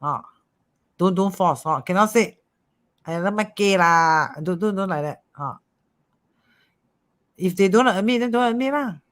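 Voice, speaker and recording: Metaphysics teacher, livestream class, animated, keeps checking "okay?". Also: medium pitch, moderate pace, pauses often. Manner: animated, repeats "okay?" and "ah", coaxing.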